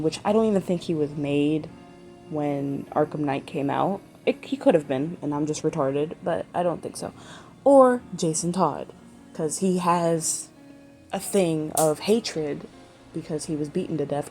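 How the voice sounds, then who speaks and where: A woman's voice: low voice, moderate pace, warm tone, soft background music. A woman chatting casually in a vlog, rambling and swearing freely and trailing off mid-sentence. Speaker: vlogger.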